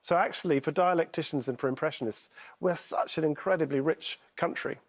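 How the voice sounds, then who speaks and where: Playful chatty male impressionist, slightly high. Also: brisk. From England. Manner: lively, playful, digressive. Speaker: impressionist guest. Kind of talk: chatty studio talk.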